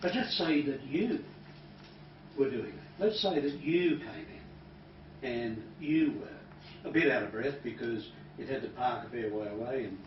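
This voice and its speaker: A calm man running a hypnosis training demonstration, talking softly and sometimes dropping to a hush. He sounds distant from the microphone in an echoey room. The recording is dull and noisy. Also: medium pitch, measured pace. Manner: calm, soft-spoken, drops to a hush when guiding breathing.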